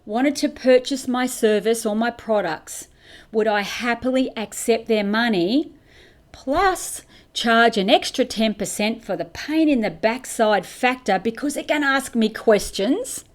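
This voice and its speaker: A woman's voice: on the high side, expressive, unhurried. A middle-aged woman hosting a motivational business podcast, talking straight to camera with emphatic rhetorical questions. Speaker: podcast host and business coach. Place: indoors, facing camera.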